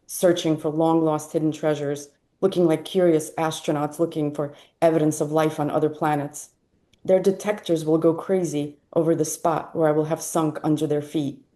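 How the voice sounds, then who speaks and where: A woman reading a personal essay aloud at a live event, wry and lively when she voices the people she quotes. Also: low-pitched. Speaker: essay reader.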